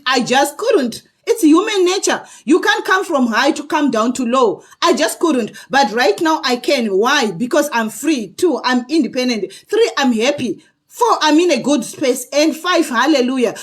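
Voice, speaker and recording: A woman vlogger telling her personal story to camera in an earnest way, often pausing to ask "okay?" of her viewers. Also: high-pitched, very animated. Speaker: vlogger sharing personal experience.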